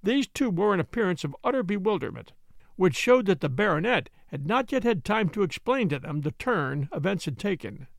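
Expressive male storyteller with a high voice. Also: normal speed, gravelly, no room sound, clean studio sound. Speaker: audiobook narrator. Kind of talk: scripted narration of a classic detective story.

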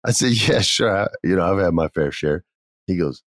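Man, low-pitched, casual storyteller, animated, acts out quotes, dry close mic. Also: fairly quick, no echo. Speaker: podcast guest telling stories.

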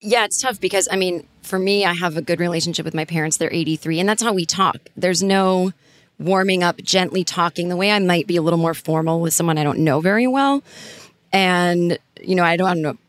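A woman's voice: fairly low pitch, fairly quick, no echo. Casual podcast host woman, dry close sound. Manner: informal, thinking aloud with frequent fillers. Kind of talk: casual conversational interviewing.

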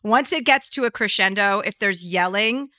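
Candid, chatty woman host, bright tone, dry close recording. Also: mid-range voice, moderate pace, no echo. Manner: candid, chatty, crude joking. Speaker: podcast host. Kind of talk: casual conversation.

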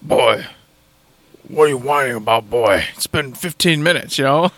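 A man voicing a gruff, awkward middle-aged warrior father who talks in a low, halting mumble. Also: animated, a bit bright, dry recording, close to an everyday voice. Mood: dismissive.

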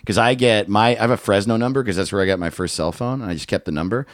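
A man's voice: on the low side, quick pace, dry recording, studio quality. A man in a casual comedic chat as podcast co-host, joking and laughing often.

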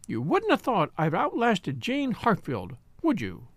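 A man's voice: high-pitched, wildly swooping pitch, moderate pace, no echo, full character voice. A man voicing a very old, gossipy spinster who talks bluntly and boasts of outliving her friend. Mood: smug. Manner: triumphant, blunt and doubtful by turns.

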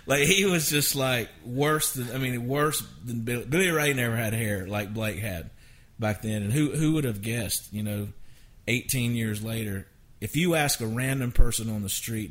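Here the songwriter speaks in a mid-range voice with a sharp tone, going a little slowly. His storytelling wanders and keeps breaking off into itself, punctuated by frequent chuckles, in a casual interview setting.

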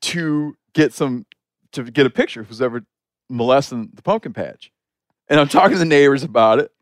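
A man hosting a podcast, spinning a story in a lively, chatty way with plenty of "like" fillers. His voice sits at an ordinary middle pitch and is recorded close on a studio mic in a dry, dead room. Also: a little fast, no echo. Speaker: podcast host. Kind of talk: casual storytelling conversation.

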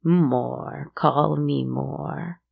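A woman voicing a cruel, mocking witch who speaks in a slow, hushed croak. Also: sits low, flat delivery, no echo, narrow, tinny audio, exaggerated voice. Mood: menacing. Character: cruel mocking witch, hag shedding vermin.

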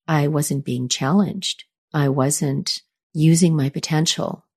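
A middle-aged woman hosting a podcast, telling a personal story in a calm, earnest, encouraging way. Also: sits low, slow pace, breathy edge. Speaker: podcast host.

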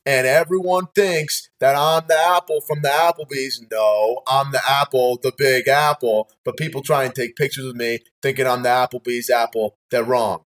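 A man's voice: medium pitch, steady tone, moderate pace, few pauses, fairly bright tone, lightly acted. A man improvising a boastful, rambling apple who embodies New York City in a comedy sketch. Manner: boastful, rambling, good-natured. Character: the Big Apple, a brash New York apple, male. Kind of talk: improvised comedy role-play.

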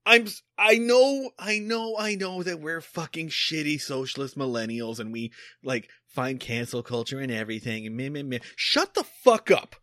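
A man's voice: mid-range voice, moderate pace, hardly any pauses, fairly bright tone, no room sound, studio quality. A man co-hosting a podcast, ranting in heated, profane casual chat about a TV episode. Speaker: podcast co-host.

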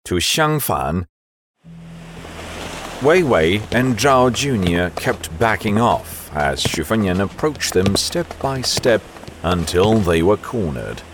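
Deep, slow-reading male narrator. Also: very animated, background noise. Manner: measured, storytelling. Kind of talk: scripted audiobook narration.

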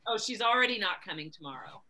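Lively, frank woman co-host. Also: medium pitch, quick pace, heavy background noise. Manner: frank, joking, asks follow-up questions. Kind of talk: casual chat.

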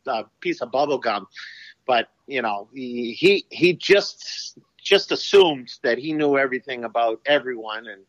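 A man's voice: mid-range voice, a bit bright, dry recording. A man, a former pro hockey player, telling a blunt, profane story as a podcast guest. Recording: dull, lo-fi podcast clip.

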